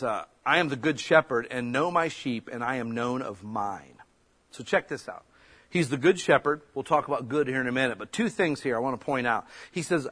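A man preaches a sermon in a folksy, conversational way. His voice sits a little high, and it jumps now and then into loud, emphatic bursts. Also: slightly rough. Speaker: pastor.

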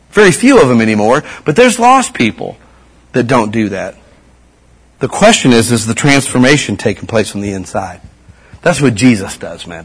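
A man's voice: mid-range voice, breathy edge. A middle-aged man giving a casual, folksy sermon as a pastor, full of slang and repeated asides.

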